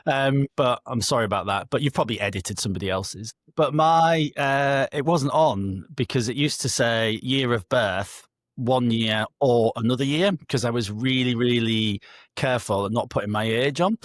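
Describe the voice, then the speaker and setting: A man's voice: mid-range voice, normal speed, no echo, studio quality. A middle-aged man, a podcast co-host, chatting in a self-mocking, rambling, wry way over a video call. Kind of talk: casual chat. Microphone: remote video call.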